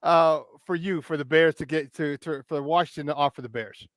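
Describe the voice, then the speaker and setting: A man's voice: fairly high pitch, steady tone, no echo. A man hosting a sports talk show, emphatic and questioning in casual chat. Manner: emphatic, keeps asking "all right?"; asks rapid questions.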